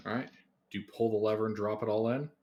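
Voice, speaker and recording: A man's voice: fairly low pitch, steady tone, fast talker, darkish tone, lo-fi sound. A man running a tabletop game as game master, in an easygoing way.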